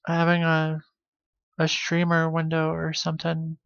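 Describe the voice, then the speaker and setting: A man's voice: on the high side, completely flat delivery, a little slow, vocal fry, a bit bright, clear, resonant tone. A man chats on his own live stream, taking his time and often trailing off before finishing a thought. His voice comes through a dull, lo-fi microphone. There is no room echo around it. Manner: rambling, offhand, half-finished sentences. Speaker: livestreamer. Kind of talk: casual live-stream chat.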